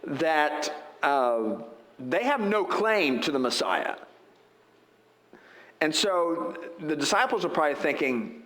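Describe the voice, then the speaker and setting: A man's voice: fairly high pitch, very animated, slow pace, fairly bright tone, roomy sound, low-quality recording. A male pastor preaching a sermon in a conversational way, full of rhetorical asides and questions to the congregation. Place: church sanctuary.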